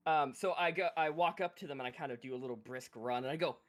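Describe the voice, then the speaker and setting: A man in a tabletop game session, playing a flattering, salesman-like merchant with a patter of compliments. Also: a little high, quick pace, hardly any pauses, soft background music. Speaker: player. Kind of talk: tabletop role-play, playing a smooth-talking merchant.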